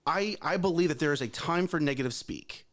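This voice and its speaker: A man's voice: on the high side, animated, brisk, fairly bright tone. Guy cohosting a morning show, emphatic, repeats himself a lot, chatty advice. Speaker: co-host. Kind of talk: casual morning show chat.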